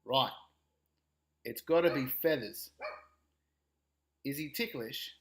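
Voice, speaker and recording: A man's voice: medium pitch, takes it slowly, fairly bright tone, a little hiss or hum. A man voicing a big, kindly and confident male kangaroo in a storybook, speaking in a hearty, firm, commanding way.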